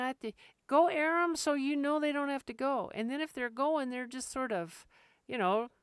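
A woman hosting a podcast on training retriever dogs, talking in a direct, practical way and acting out quick asides. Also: a little high, clean tone, no echo, studio quality. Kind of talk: casual instructional podcast talk.

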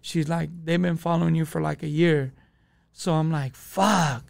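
A man's voice: a little high, fairly even intonation, normal speed, vocal fry, darkish tone. A man, telling a story as a podcast guest in profane street slang. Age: 20s. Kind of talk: casual storytelling.

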